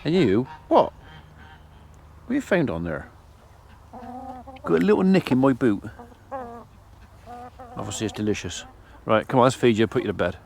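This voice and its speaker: A man's voice: mid-range voice, very animated, normal speed, vocal fry, long pauses, darkish tone. A middle-aged man, a farmer vlogging casually outdoors as he feeds his animals and chats away to them. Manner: chatty, talks to his animals while feeding them. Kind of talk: casual vlog while doing farm chores. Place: farmyard outdoors.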